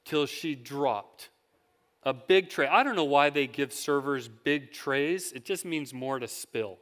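A man's voice: fairly high pitch, a bit bright. A man preaching a sermon, telling stories in a conversational way and asking his listeners questions. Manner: conversational storytelling with questions to the congregation. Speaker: pastor. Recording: long hall reverb.

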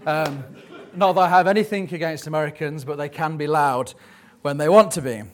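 30s guy preaching at church, kinda high voice, chatty and jokey, lots of ums. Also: fairly quick. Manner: conversational and jokey, with frequent ums. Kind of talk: sermon. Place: church service.

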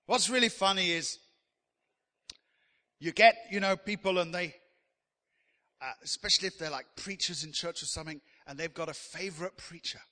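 Man, preacher, chatty joking sermon, high pitch, reverberant church hall. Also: moderate pace, long pauses, bright, forceful tone. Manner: chatty and joking, teasing the congregation.

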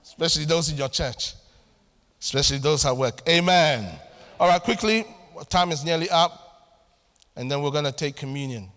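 A man preaching a sermon to his church, animated and acting out little family scenes as he talks. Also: on the high side, normal speed. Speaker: pastor. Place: church hall. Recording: long hall reverb.

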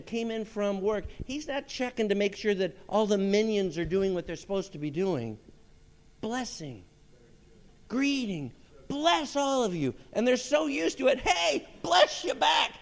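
A man preaches a lively sermon as pastor, and he jumps into the voices of the people in his story. His voice sits fairly high. A long hall reverb trails each phrase. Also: a little slow. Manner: animated preaching, acts out quoted voices.

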